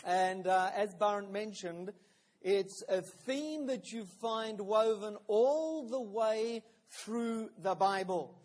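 A man's voice: high-pitched, slow pace, darkish tone. A man preaching a sermon, telling stories in a friendly way with frequent restarts. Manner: friendly storytelling with hesitant fillers and restarts.

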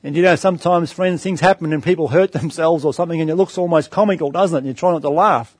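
A man's voice: fairly high pitch, fast talker, husky, no echo. A middle-aged man preaching a sermon, calling his listeners friends and asking them rhetorical questions. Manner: storytelling anecdote with varied pace.

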